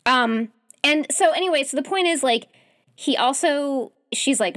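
A woman's voice: on the high side, lively intonation, moderate pace, fairly bright tone, no echo, clean studio sound. A young adult woman co-hosting a casual podcast, retelling a story animatedly with lots of "like". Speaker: podcast co-host. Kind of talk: casual chat reviewing romance novels.

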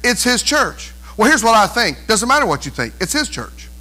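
A man preaches to his church in a strikingly high, bright voice. He drives each point home with rhetorical questions and emphatic repetition. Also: sing-song, normal speed, low-quality recording. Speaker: pastor. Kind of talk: sermon.

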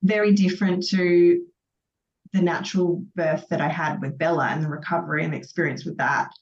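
A woman in her thirties telling her own birth story as a podcast guest, acting out what was said in lively bursts. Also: lowish voice, moderate pace. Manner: animated storytelling, acts out her own quotes. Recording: distant, dull, roomy sound.

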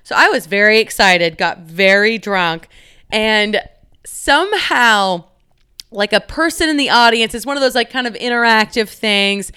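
Bright, smooth-voiced young woman chatting. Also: medium pitch, animated, measured pace. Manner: chatty, filler-heavy, swearing, giggly storytelling. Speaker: podcast host. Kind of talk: casual solo podcast chat.

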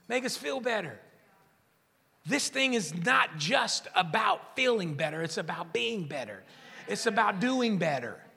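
A man preaching a sermon as pastor in a church, animated and joking, acting out the voices of churchgoers. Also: sits high, a little slow, gravelly, husky. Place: church hall. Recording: long church reverb.

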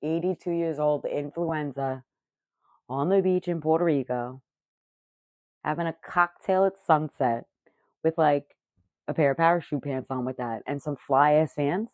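A woman in her thirties with a low, mellow voice tells a story straight to the camera as a vlogger. She swears freely and pokes fun at herself, sounding animated. The audio is dry and a little muffled, as if recorded on lo-fi gear. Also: a little slow, no echo. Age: 30s. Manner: profane, animated and self-mocking.

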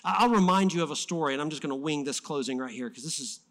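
A fired-up male pastor preaching to his church, his fairly high voice rising to loud emphasis and then dropping soft and low. The sermon is delivered in a passionate, conversational way. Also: fast.

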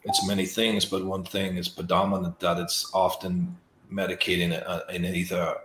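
A male host, speaking slowly and softly as he reflects emotionally on what his guest shared. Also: low-pitched, flat delivery, echoey room, a little hiss or hum. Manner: slow, soft and emotionally reflective. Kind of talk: reflective interview talk.

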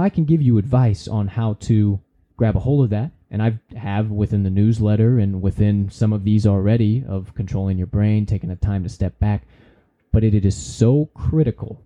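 A man's voice: fairly low pitch, dark tone. A man hosting a podcast, giving a casual, preachy motivational talk with folksy slang and the odd swear word. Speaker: podcast host.

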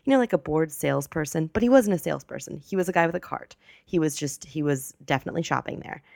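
A woman's voice: low-pitched, expressive, fast talker, creaky, darkish tone, dry recording, clean studio sound. A woman in her twenties hosting a podcast, telling a story in a rambling, chatty way that keeps correcting itself. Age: 20s. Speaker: podcast host. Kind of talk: casual storytelling monologue.

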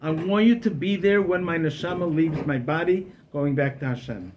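A man voicing a poor, frail old man who speaks quietly and pleads softly. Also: fairly high pitch, normal speed, muffled recording, a little hiss or hum, lightly acted. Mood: quiet pleading.

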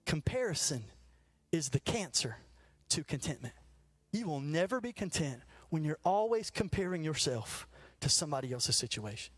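High-voiced pastor telling stories. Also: male voice, no echo. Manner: storytelling with humor, laughs at own jokes. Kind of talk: sermon.

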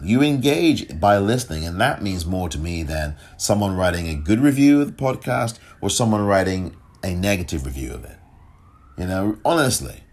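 A man's voice: low-pitched, darkish tone, breathy edge. A man hosting his own podcast, talking alone with emphatic rhetorical questions and now and then tripping over his words. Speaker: podcast host. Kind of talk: solo podcast commentary.

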